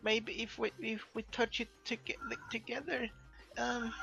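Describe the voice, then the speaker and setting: Slow, hesitant woman player. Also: fairly high pitch, steady tone, creaky, a bit bright, soft background music. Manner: hesitant, many ums. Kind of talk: tabletop role-play chat. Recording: slightly dull lo-fi sound.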